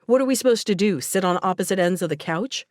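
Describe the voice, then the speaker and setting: A woman's voice: medium pitch, expressive, fast talker, a little mellow, no echo, clean studio sound, natural voice. Woman voicing a teasing teenage boy. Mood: protesting. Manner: teasing, wisecracking.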